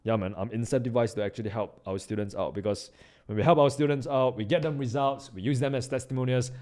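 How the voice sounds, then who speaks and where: A man giving live trading commentary, slangy and excitable, jumping from loud hype down to low mutters. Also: fast. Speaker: trading YouTuber.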